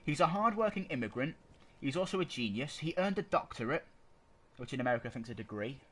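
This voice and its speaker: Animated and quick, this man's mid-range voice carries his rambling arguments as co-host of a casual podcast. He frequently hunts for words mid-thought, recorded on a desk microphone with plenty of amateur noise.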